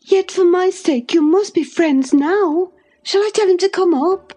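A woman reading an audiobook, voicing an impetuous, excitable young lady of the manor in a high, eager voice. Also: unhurried, soft background music, full character voice. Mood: coaxing. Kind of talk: audiobook character voice.

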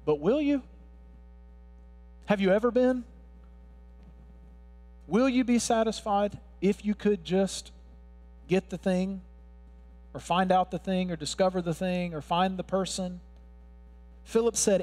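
A male pastor with a high voice delivers an earnest sermon, building in force as he quotes scripture. His words carry a long reverb, as from a large church hall. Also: normal speed, pauses often, soft background music. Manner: earnest preaching, swelling louder when quoting scripture.

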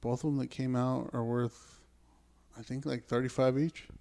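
A man in casual chat as co-host, joking and crude, full of quick asides. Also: mid-range voice, flat delivery, gravelly, warm tone.

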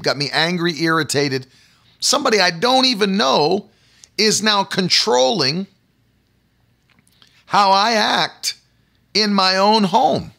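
A man's voice: on the high side, gravelly, sharp tone. A middle-aged man preaching a sermon, emphatic and repetitive, often asking the congregation rhetorical questions.

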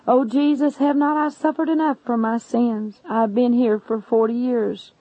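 A woman's voice: a little high, steady tone, moderate pace, no echo, lightly acted. A woman voicing a tormented man in hell, pleading and sobbing for mercy. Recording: dull lo-fi recording.

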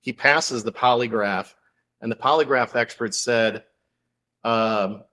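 A man's voice: medium pitch, takes it slowly. A male author, a guest on a podcast, telling a story in a casual interview with lots of fillers. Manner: animated storytelling, many fillers.

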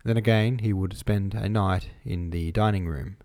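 A man narrating an audiobook in a measured, even reading voice, recorded close to the microphone. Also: on the low side, no echo.

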